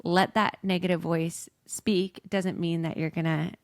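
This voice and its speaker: A woman's voice: on the low side, flat delivery, measured pace, creaky, no room sound. A woman coach talking casually as a podcast guest, chatty and full of "like" fillers.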